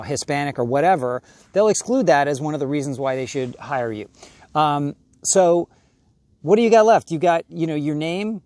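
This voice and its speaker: A man's voice: fairly high pitch, darkish tone, no room sound. A man coaching actors in an emphatic, conversational way, often acting out brief voices of casting people. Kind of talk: direct-to-camera acting advice.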